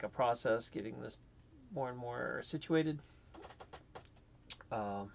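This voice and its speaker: A man's voice: a little high, vocal fry. A man hosting a casual live stream, rambling and a little flustered as he works things out, laughing at himself often. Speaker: livestream host.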